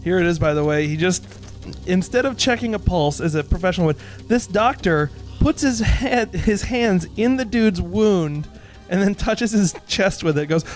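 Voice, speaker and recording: A man with a slightly high voice hosts a casual movie commentary. He cracks jokes about the film and interviews his guest, while faint music plays behind him. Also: expressive, moderate pace. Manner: wisecracking, asks guest questions. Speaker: commentary host.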